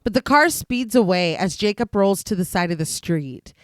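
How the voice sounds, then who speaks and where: A woman's voice: mid-range voice, moderate pace, dry recording. Woman narrating a film recap, dry sound. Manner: steady, descriptive narration with dry asides. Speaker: podcast host recapping a film. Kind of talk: reading a scripted plot recap.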